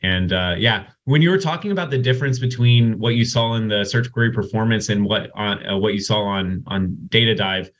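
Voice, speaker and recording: A man hosting a casual software Q&A webinar over a video call, chatty and loose. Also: lowish voice, a little fast, few pauses. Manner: chatty, many restarts and "like"s. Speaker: host of software Q&A. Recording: dull lo-fi call audio.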